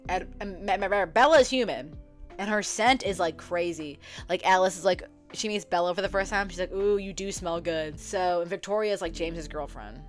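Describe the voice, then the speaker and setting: Chatty, profane young woman retelling a story. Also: lowish voice. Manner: chatty and profane, many "like" fillers; acts out characters' lines in quick quotes. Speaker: book vlogger. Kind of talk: casual retelling to camera. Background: faint background music.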